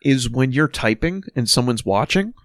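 A man's voice: mid-range voice, animated, no room sound, clean studio sound. A man co-hosting a podcast in casual chat, grumbling and swearing about his pet peeves. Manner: profane, grumbling, quick-tempered. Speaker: podcast co-host.

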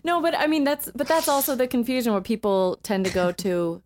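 A woman's voice: a little high, expressive, a little fast, a little mellow, slight background noise. A young woman co-hosting a podcast in casual chat, talking loosely with many fillers and frequent laughs. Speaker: podcast co-host.

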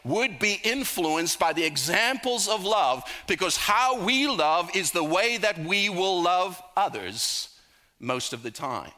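A middle-aged man preaching a sermon, telling personal stories with humorous asides and slowing down for emphasis. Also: high-pitched, expressive, bright, forceful tone.

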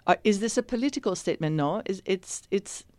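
A woman's voice: medium pitch, animated, fairly quick, a little mellow, no echo. A woman actress answering interview questions in a reflective, thoughtful way, often restarting her sentences.

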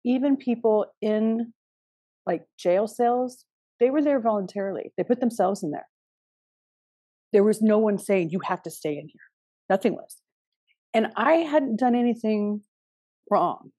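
A woman's voice: medium pitch, mellow, husky, no room sound. A middle-aged woman hosting a reflective spiritual podcast, talking in a meandering, hesitant way with frequent restarts. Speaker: podcast host.

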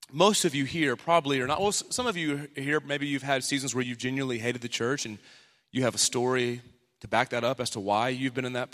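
Animated pastor preaching in a big hall. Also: male voice, mid-range voice. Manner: animated, acts out quoted voices. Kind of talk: sermon. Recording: long hall reverb.

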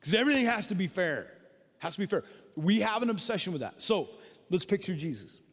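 Animated man preaching in a reverberant hall. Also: sits high, a little fast. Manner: animated storytelling, acts out quoted voices. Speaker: pastor. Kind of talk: sermon.

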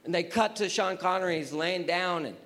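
A man with a high, fairly bright voice preaches a sermon at a fairly quick pace. He is emphatic and repetitive, repeating phrases and continually putting rhetorical questions to his listeners.

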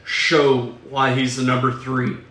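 A man's voice: mid-range voice, level tone, takes it slowly, pushed and bright. A man co-hosting a casual podcast, explaining things steadily to listeners. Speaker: podcast co-host. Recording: echoey room.

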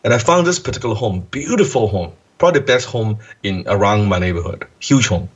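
A man, a guest in an interview, tells a story from his past in a casual, animated way, acting out the voices he quotes and swearing now and then. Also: lowish voice, brisk, breathy edge, lo-fi sound. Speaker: guest entrepreneur.

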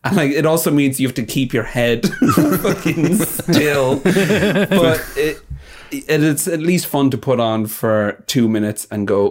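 A man's voice: a little high, a little slow, hardly any pauses. A man co-hosting a podcast, joking and laughing through his sentences in casual banter. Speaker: podcast co-host.

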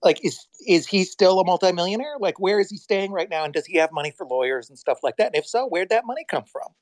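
A man in casual talk as a guest, telling a story in a rambling, animated way, full of restarts and acted-out quotes. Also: high voice, fast talker, no room sound, low-quality recording. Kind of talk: casual storytelling on a live audio chat.

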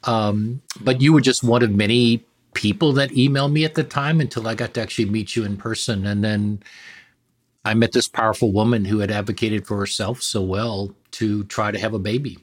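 A man who is a physician, a guest on a podcast interview, telling stories with relaxed, wry self-deprecating humor. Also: fairly low pitch, brisk.

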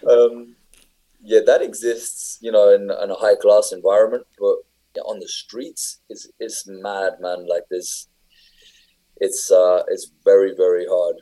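Low, dark-voiced English man. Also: level tone, measured pace, low-quality recording. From England. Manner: rambling, filler-heavy storytelling. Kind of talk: casual chat.

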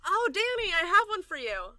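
Woman as a chatty, teasing party-host character in a tabletop game; bright, higher-pitched voice. Dry, close recording. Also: expressive, moderate pace, no room sound. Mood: upbeat.

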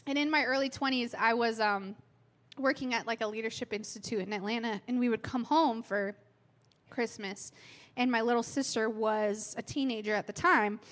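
Woman preacher, thirties, slightly high voice, casual candid delivery, fighting a cold. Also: fairly even intonation, moderate pace, fairly bright tone. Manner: candid, self-mocking storytelling with fillers. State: has a cold, clearing her throat. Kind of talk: sermon.

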